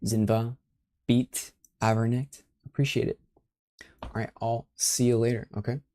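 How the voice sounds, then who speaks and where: A man's voice: mid-range voice, flat delivery, a little slow, warm tone. A young man casually chatting and rambling on a livestream, tossing in Spanish phrases and playfully rolling his R's. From Spanish and Sicilian family background.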